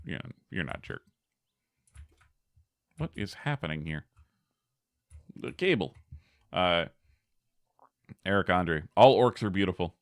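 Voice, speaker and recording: A man's voice: low-pitched, sing-song, slow, long pauses, no echo, clean studio sound. A man giving casual gameplay commentary as a streamer, chatty, laughing often and talking back to his chat.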